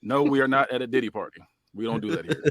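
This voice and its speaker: A man's voice: medium pitch, fast, over a noisy crowd. A man co-hosting a podcast, narrating a fantasy wrestling show in casual chat with loose slang and frequent laughter.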